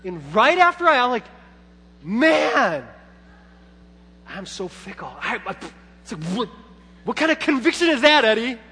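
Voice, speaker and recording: A man in his thirties preaching a sermon as pastor, telling a story with lively swings from quiet reflection to loud, excited retelling of his own thoughts. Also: very high-pitched, fairly quick. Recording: long church hall reverb with faint hum.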